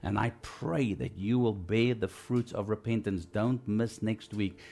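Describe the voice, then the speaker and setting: A man preaching a broadcast sermon in a conversational way. He asks listeners questions and turns louder and higher when stressing a point. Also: a little slow. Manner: frequent fillers and restarts.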